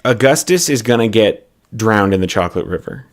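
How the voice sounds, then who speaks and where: A man's voice: lowish voice, animated, brisk. A man co-hosting a podcast, casually brainstorming a story with lots of "like" fillers. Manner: rambling, full of "like" fillers. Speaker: podcast co-host.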